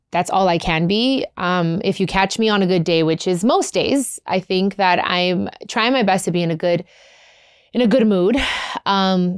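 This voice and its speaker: A chatty woman host answering listener questions in a candid, heart-on-sleeve way, slipping in Spanish phrases now and then. Her voice sits at a middle pitch and sounds close and dry, with no room around it. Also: no echo. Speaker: advice podcast host. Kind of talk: casual chat.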